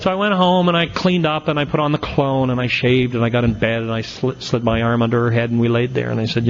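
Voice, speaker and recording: A man's voice: medium pitch, fairly even intonation, fast talker, hardly any pauses, lo-fi sound, slight background noise. A middle-aged man speaking at an AA meeting, telling his recovery story with folksy, self-mocking humor and punchy comic timing.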